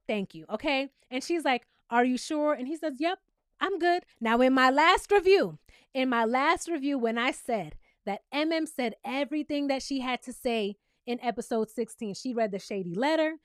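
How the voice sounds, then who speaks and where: A sassy woman recaps a reality show in a casual, animated way, with a high voice. She jumps between her own comments and mock quotes. The sound is dry and close, with no room echo.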